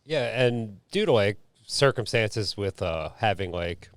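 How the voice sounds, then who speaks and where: Deep-voiced man speaking haltingly. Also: animated, no room sound. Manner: halting, with pauses and fillers. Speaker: podcast guest, baker. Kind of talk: casual chat.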